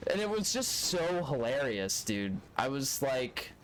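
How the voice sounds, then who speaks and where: Storytelling loosely during a live speedrun, this young man rambles through a long, profane tale in a relaxed manner. He speaks a little slowly in a medium-pitched, very animated voice.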